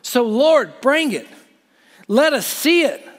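A man's voice: very high voice, sing-song, slow, big-room sound. A man preaching a sermon with impassioned, pleading delivery and conversational asides.

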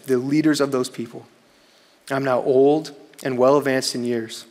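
A man preaching a sermon in a casual, earnest way, often saying "man" and slowing down to read scripture aloud for emphasis. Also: mid-range voice, long reverb tail. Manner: earnest, conversational preaching with frequent "man" interjections.

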